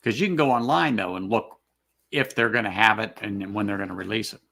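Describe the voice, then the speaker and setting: A man's voice: lowish voice, brisk, vocal fry, pushed and bright. A man chatting casually on a stream, mostly giving short agreeing replies with some dry sarcasm. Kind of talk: casual chat on a live stream.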